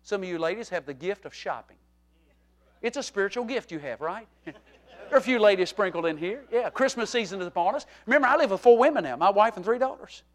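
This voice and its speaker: A middle-aged male pastor preaching a humorous, animated sermon to his congregation, moving from quiet talk to shouting. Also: high-pitched, fast. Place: church sanctuary.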